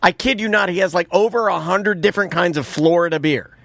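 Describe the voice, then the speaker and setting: A man's voice: high voice, fast talker, creaky, dry recording. A man co-hosting a radio show, bantering and joking loosely with some swearing. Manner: animated, joking, swears freely. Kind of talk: casual banter.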